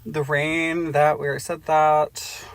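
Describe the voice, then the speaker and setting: A man's voice: on the high side, flat delivery, unhurried, dry recording. A man co-hosting a podcast, reading a book aloud for comedy with joking asides. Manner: joking asides, breaks into laughter. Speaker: podcast co-host.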